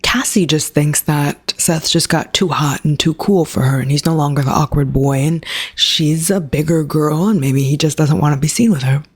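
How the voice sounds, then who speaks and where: Low, husky woman ranting about books. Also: moderate pace. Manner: chatty, sarcastic asides. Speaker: book reviewer. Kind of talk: casual book review rant.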